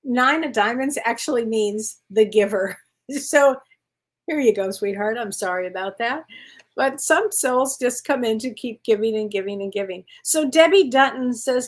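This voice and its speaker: A woman's voice: a little high, expressive, normal speed. A woman hosting a live-stream show of psychic readings, chatty and rambling, calling viewers honey and sweetheart. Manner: rambling with frequent restarts and self-corrections. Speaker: psychic medium host.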